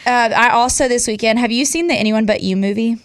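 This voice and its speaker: Woman, young adult, podcast co-host, casual chat, high-pitched, bubbly, gushing. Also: quick pace, clear, resonant tone, no room sound, clean studio sound.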